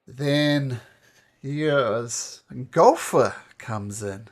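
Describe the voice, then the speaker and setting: Man, game master, tabletop narration, unhurried, middle pitch.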